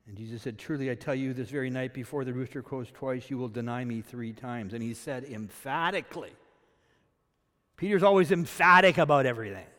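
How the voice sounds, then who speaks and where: A male pastor preaches in a church sanctuary, and his voice carries a long, lingering reverb from the hall. He sits at an average pitch for a man. He moves between forceful emphasis and hushed, low-key remarks. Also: fairly quick. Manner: animated preaching, loud emphatic peaks then quiet asides. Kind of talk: sermon.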